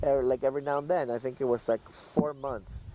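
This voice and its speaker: Mellow-voiced man explaining dog training. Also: medium pitch, a little fast, a little hiss or hum, poor audio. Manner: animated, acts out little voices, many fillers. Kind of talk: casual podcast chat.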